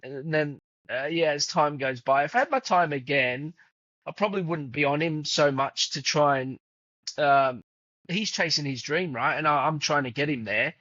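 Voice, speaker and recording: A man's voice: a little high, moderate pace, pushed and bright, no echo. A man in his fifties, a podcast guest and footballer's father, telling stories in a chatty way with many fillers. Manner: chatty, many fillers, acts out quoted dialogue. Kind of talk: casual conversational storytelling. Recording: dull lo-fi dry sound.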